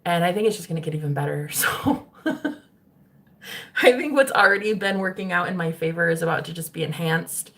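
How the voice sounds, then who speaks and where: Young woman, gravelly voice, casual streamer chat, swears a lot. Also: on the low side, fairly quick, fairly bright tone. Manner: chatty, swearing, laughing often. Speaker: spiritual streamer.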